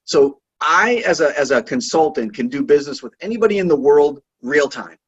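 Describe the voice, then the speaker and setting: A man's voice: fairly high pitch, expressive, brisk, breathy edge, dull audio. A man from Boston, a consultant and podcast guest, chatting in a rambling way that keeps restarting and tagging "right?". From Boston, USA. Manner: rambling, self-interrupting, with frequent "right?" tags. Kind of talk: casual interview chat.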